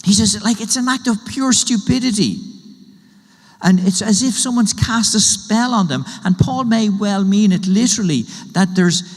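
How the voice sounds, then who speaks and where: A man's voice: high-pitched, normal speed, big-room sound. A man preaching a sermon in a conversational way, building his point through everyday illustrations and questions. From Ireland. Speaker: pastor.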